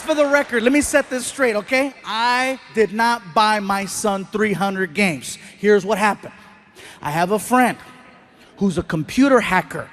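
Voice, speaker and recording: A man in his thirties performing a stand-up comedy set, telling stories and acting out the voices of the people in them. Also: sits high. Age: 30s. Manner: animated storytelling, acts out other people's voices.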